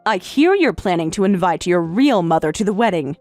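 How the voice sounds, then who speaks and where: A woman voicing a middle-aged stepmother, speaking in a calm, detached and formal way. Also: on the low side, brisk, soft background music, pitched below the performer's own voice, natural voice. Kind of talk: story narration with voiced roles.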